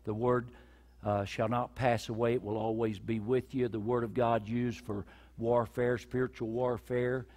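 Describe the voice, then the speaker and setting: A male pastor preaching a sermon in a church, his delivery swinging from loud cries down to near whispers. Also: mid-range voice, flat delivery, unhurried. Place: church sanctuary with a congregation. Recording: reverberant church hall.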